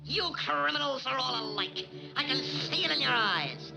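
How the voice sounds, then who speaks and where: A man voicing an excitable, fast-talking male cartoon duck in 1940s cartoon voice acting, with a sputtering, brash delivery. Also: extremely high pitch, gravelly, over music, exaggerated voice. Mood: ranting. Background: loud cartoon score.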